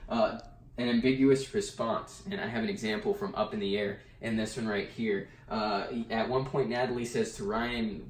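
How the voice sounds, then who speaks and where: A man's voice: on the low side, fairly even intonation, normal speed. A man giving a casual summary lecture of a textbook chapter, with fillers and restarts. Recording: echoey room, mic at a distance.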